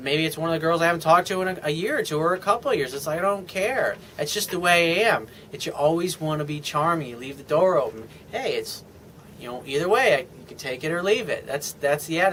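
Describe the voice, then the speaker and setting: A man's voice: fairly high pitch, fairly bright tone, a little hiss or hum. A man talking as a dating coach in a casual video monologue, rambling and frank, full of "I mean" and "you know.".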